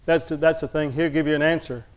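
A man's voice: fairly high pitch, steady tone, fast talker. Folksy male preacher telling a story. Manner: folksy, candid, humorous storytelling to a congregation. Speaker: pastor. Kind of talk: sermon storytelling.

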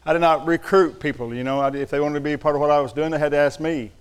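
A man's voice: fairly high pitch, steady tone, fast, clear, resonant tone. A middle-aged man preaching a sermon, telling folksy stories with humor. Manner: folksy storytelling with humor and Southern address. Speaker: pastor.

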